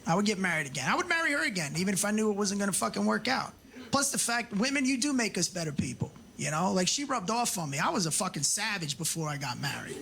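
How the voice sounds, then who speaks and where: Guy doing stand-up, kinda high voice, swears a lot, acts out the back-and-forth, noisy live recording. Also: very animated, quick pace, creaky, sharp tone. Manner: profane, storytelling, acts out dialogue. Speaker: stand-up comedian. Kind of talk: stand-up comedy set. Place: comedy club stage.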